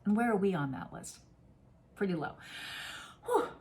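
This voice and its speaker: A woman's voice: mid-range voice, very animated, moderate pace, a little mellow, a little hiss or hum. A middle-aged woman giving a casual, effusive spoken oracle card reading, playful and given to sudden exclamations. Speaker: spiritual reader.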